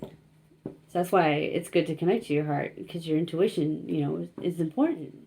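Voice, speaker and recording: A woman's voice: low-pitched, a little fast, gravelly, dark tone, slight background noise. A young woman giving a casual tarot reading, rambling and self-conscious, laughing often and filling her talk with likes and you-knows. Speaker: tarot reader.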